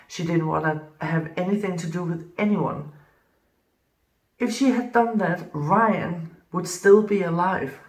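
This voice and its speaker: Slow gravelly woman in an echoey room. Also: fairly low pitch. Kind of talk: casual commentary. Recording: roomy, distant from mic.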